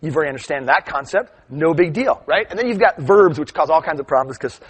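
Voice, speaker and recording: Guy giving a live workshop, kinda high voice, chatty, keeps saying right?. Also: fast, breathy edge. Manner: animated storytelling, asks "right?" often. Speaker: workshop presenter. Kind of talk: live teaching talk.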